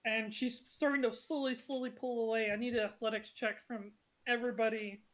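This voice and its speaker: A woman's voice: fairly high pitch, steady tone, fairly quick. A woman narrating a tabletop game session as game master, chatty and apologetic with many fillers.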